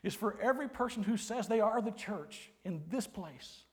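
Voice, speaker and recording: A man, preaching a sermon with folksy, humorous storytelling and quiet, earnest emphasis. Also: high voice, lively intonation, normal speed. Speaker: pastor. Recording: long hall reverb.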